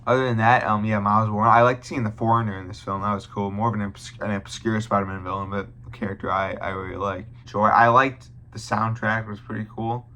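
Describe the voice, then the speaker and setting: A man's voice: lowish voice, level tone, fast talker, few pauses, sharp tone. A young man giving a casual film review to his viewers, blunt and profane, often restarting his sentences.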